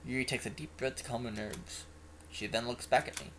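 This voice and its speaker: A man's voice: mid-range voice, brisk, slight background noise. Man reading a visual novel aloud. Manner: animated, expressive reading. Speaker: game narrator and player. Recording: music playing underneath. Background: music.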